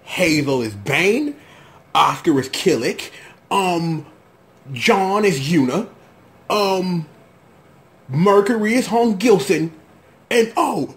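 A man hosting his own casual reaction commentary, slangy and rambling, breaking into high-pitched shouts of disbelief. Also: very animated, takes it slowly, long pauses. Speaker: show host.

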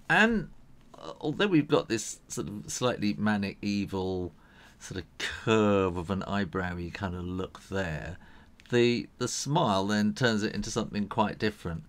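An older man walks through a drawing lesson in a loose, meandering way, chuckling as he sketches. His voice sits very low with a gravelly texture. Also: expressive, measured pace. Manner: rambling, chuckles while sketching, many fillers. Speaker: drawing teacher. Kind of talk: casual drawing tutorial.

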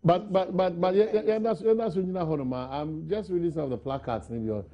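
Dark-voiced man on a panel. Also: fairly high pitch, brisk. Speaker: studio panelist. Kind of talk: political debate.

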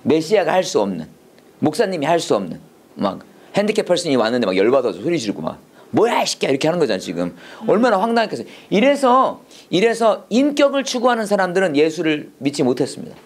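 A rapid-fire, very animated male Bible teacher with a slightly high voice leads a classroom Bible lesson that mixes Korean and English. He drills students with repeated questions and switches quickly between the two languages.

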